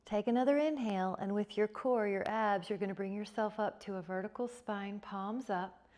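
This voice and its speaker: A woman teaching a yoga class, giving calm, encouraging cues with repeated prompts to breathe. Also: medium pitch, moderate pace. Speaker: yoga instructor. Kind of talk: guided yoga class instruction.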